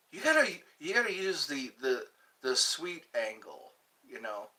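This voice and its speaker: A man's voice: on the high side, sing-song, normal speed, bright, forceful tone, recorded from a distance, rough recording. A man hosting his own channel, musing aloud in a meandering livestream chat and trying out pickup lines. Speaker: channel host.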